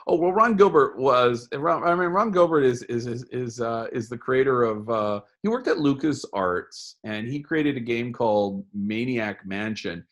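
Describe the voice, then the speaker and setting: A middle-aged man, a game designer being interviewed, telling stories in an animated way and often restarting his words. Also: mid-range voice, normal speed, hardly any pauses. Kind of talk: storytelling interview talk.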